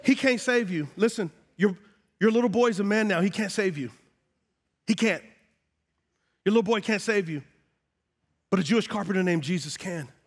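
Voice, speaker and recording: A high-pitched middle-aged man delivers a sermon in a large church sanctuary. He talks right to the people in front of him and swells to loud, shouted emphasis. His voice carries a long reverb from the hall. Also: moderate pace, long pauses, breathy edge. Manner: preachy, builds to shouting, call-and-response asides. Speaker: pastor.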